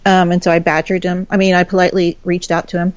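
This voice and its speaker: A woman's voice: fairly low pitch, little pitch movement, quick pace, no room sound, lo-fi sound. A woman guest telling a personal story in a frank, chatty way, swearing casually. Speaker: podcast guest.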